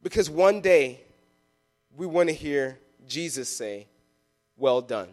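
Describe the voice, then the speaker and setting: A man's voice: a little high, animated, takes it slowly, darkish tone. A man preaching a live sermon in a church, passionate and emphatic, telling vivid stories to his congregation. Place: church sanctuary.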